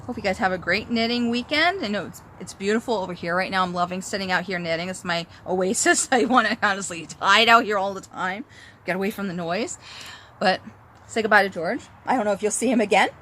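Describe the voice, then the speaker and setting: A woman's voice: mid-range voice, a little fast, pushed and bright, a little hiss or hum. A woman in her thirties hosting a knitting podcast, chatting casually and rambling, sitting outdoors at home. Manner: chatty, rambling, self-interrupting. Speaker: knitting podcast host and designer. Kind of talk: casual chat.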